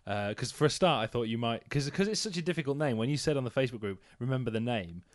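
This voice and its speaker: Fast-talking wry English man. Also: medium pitch, animated, no room sound, clean studio sound. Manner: quick, jokey and wry. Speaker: podcast co-host. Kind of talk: casual football chat.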